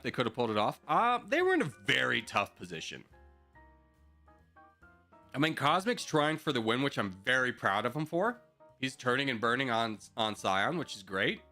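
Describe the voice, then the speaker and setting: A man's voice: medium pitch, sing-song, normal speed, long pauses, pushed and bright, faint music behind. A man streaming a strategy game live, chatting with viewers in joking mock rants and laughing often.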